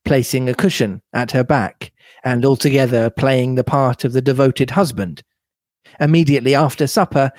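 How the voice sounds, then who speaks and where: A man reading a novel aloud in a measured, steady manner. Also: mid-range voice, no echo, studio quality. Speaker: reader.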